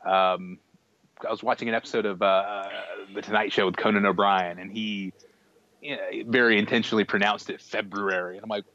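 Hesitant man with a low, dull voice. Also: fairly even intonation, a little fast, pushed and bright. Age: adult. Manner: hesitant, restarts and fillers, chuckling. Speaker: podcast co-host. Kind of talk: casual chat. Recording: dull lo-fi dry sound.

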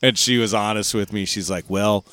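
A man's voice: fairly low pitch, steady tone, a little fast, sharp tone. A man co-hosting a podcast, laughing easily and telling short anecdotes in casual chat. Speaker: podcast co-host.

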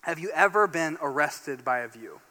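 A man from Northeast Indiana preaching a sermon as pastor, telling a story in an animated, excitable way. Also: a little high, moderate pace. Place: church sanctuary. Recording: long church hall reverb.

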